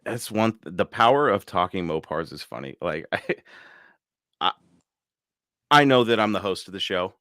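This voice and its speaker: Hosting a casual live-stream car podcast, a man with a very low voice talks in an easygoing, excitable way and often bursts out laughing. He speaks at a moderate pace with long pauses, and the sound is close, dry and free of echo.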